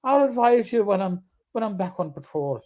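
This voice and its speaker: A man's voice: high voice, very animated, normal speed, a little mellow. A man putting on a jolly Irish beat cop. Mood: playful.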